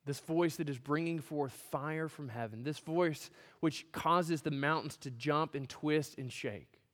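A male pastor preaching a sermon in a church, swinging from loud, emphatic build-ups to hushed, near-whispered lines. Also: on the high side, a little slow. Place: church sanctuary. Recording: long hall reverb.

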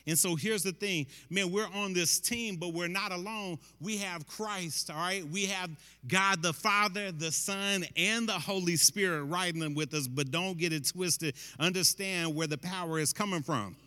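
Man, preacher, sermon, conversational, emphatic, fairly high voice, long hall reverb. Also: normal speed, few pauses, pushed and bright, smooth.

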